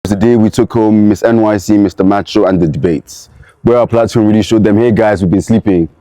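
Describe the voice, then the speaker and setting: A young man with a low, dark, mellow voice speaking in a measured, plain-spoken way. The sound is dry and close. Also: fairly even intonation, no echo. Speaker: platoon leader. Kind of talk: casual storytelling.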